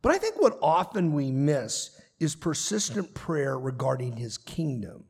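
Husky-voiced pastor preaching in a hall. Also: male voice, fairly high pitch, sing-song, unhurried, a little mellow. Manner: earnest, emphatic preaching with repeated phrases. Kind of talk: sermon. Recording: long reverb of a large hall.

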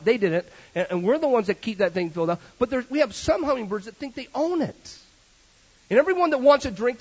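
A man preaching a sermon as pastor, an animated storyteller with joking asides. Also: high-pitched, breathy edge. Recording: dull lo-fi sermon recording.

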